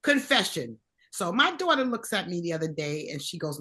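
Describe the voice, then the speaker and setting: A middle-aged woman co-hosting a chatty podcast, telling stories with lively acted-out quotes. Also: on the low side, moderate pace. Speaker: podcast co-host. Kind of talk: casual chat.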